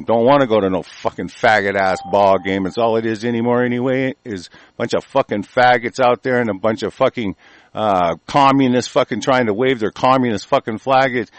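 A man's voice: lowish voice, no echo. Furious cursing man ranting, dry sound. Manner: aggressive, cursing, stumbles while reading aloud. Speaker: host of a commentary show. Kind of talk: angry profane news rant.

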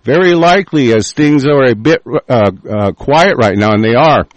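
A man hosting a show, reading aloud with halting fillers and breaking into profane, furious rants. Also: mid-range voice, expressive, no echo, rough recording. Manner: hesitant, many fillers while reading.

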